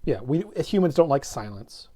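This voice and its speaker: A man chats casually about tabletop role-playing on a gaming podcast, his voice mellow and dark. He rambles, restarting and correcting himself as his thoughts catch up with his words. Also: mid-range voice, big pitch swings, moderate pace. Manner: rambling, with many false starts and self-corrections. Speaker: co-host.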